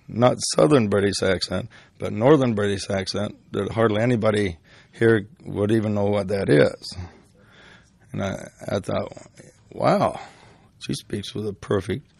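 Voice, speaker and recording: A man's voice: lowish voice, no room sound. An older man and hypnotist casually recounting his experiences, rambling with restarts and fillers. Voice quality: gravelly. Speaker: hypnotist telling stories. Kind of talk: casual storytelling.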